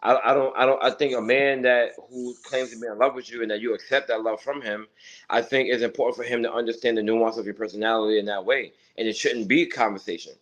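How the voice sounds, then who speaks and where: Male host, insistent debater, restarts a lot, mid pitch. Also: fairly even intonation, fast talker, fairly bright tone, poor audio. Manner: insistent, repeats words while arguing. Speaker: podcast host. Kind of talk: casual debate.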